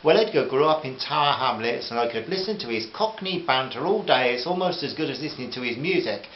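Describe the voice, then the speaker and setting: A man's voice: medium pitch, lively intonation, brisk, reverberant, muffled recording, a little hiss or hum, lightly acted. A man voicing a friendly, posh older male aristocrat who speaks genially and uses fond terms of address.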